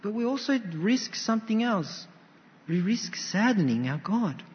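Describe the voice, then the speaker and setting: A man's voice: high voice, a little slow. A man preaching a sermon, telling stories and acting out quotes with animation. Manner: animated storytelling with acted quotes. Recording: dull sound with long hall reverb.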